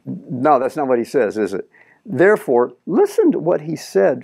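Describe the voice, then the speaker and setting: Animated preaching man, gravelly and lively. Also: medium pitch, moderate pace, dry recording, clean studio sound. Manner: animated preaching, acting out quoted prayers. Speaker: pastor. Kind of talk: sermon.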